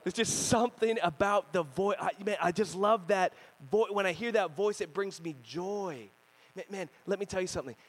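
Energetic young pastor, male, higher voice, preaching with storytelling flair. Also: moderate pace. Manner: energetic storytelling preacher, lively swings in pitch and volume. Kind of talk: sermon.

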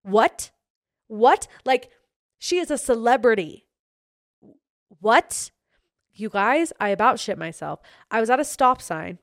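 A young woman hosting a solo podcast, chatting in an excitable, gushing way. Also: medium pitch, smooth, no echo, clean studio sound. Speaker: podcast host.

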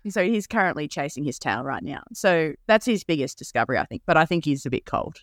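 Lively laughing woman telling a story. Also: sits low, quick pace, no room sound, studio quality. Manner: laughs often, animated storytelling. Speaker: podcast co-host. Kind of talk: casual chat.

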